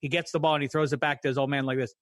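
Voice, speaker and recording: A man's voice: a little high, level tone, very fast, a bit bright, no room sound. A man co-hosting a podcast, chatting casually with wry, digressive remarks. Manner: wry, digressive film talk. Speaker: podcast co-host. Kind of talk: casual chat.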